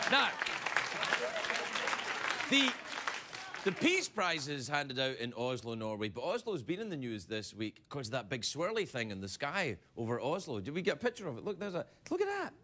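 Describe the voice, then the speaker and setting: A man's voice: fairly high pitch, wildly swooping pitch, fairly quick, pushed and bright, a faint crowd. A man hosting a late-night show, delivering a playful, self-mocking comedy monologue in a TV studio. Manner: playful, self-mocking, with sudden put-on voices. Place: TV studio with live audience. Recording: studio audience laughter and noise.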